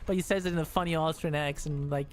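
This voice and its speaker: Male streamer, high voice, loose casual commentary with bursts of excitement and cursing. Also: fast talker. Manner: excitable, swearing, laughing chatter.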